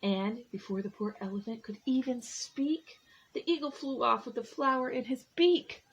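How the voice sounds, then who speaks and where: A woman with a fairly high, slightly breathy voice reads a picture book to preschoolers at a moderate pace, pausing to ask them questions. She's an animated story time reader, and the recording sounds muffled.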